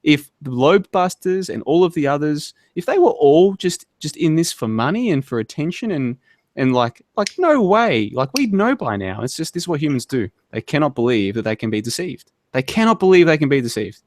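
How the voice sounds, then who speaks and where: A man's voice: a little high, expressive, a little fast, darkish tone, no room sound, studio quality. A man, a podcast guest, arguing in a casual online debate chat, rambling and asking "right?" again and again.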